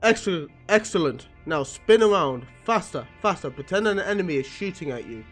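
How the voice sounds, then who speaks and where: A man's voice: high-pitched, lively intonation, brisk, fairly bright tone, soft background music. A man reading a comic aloud, voicing a stern old male telepathic professor who drills his students. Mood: commanding. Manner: commanding, drilling.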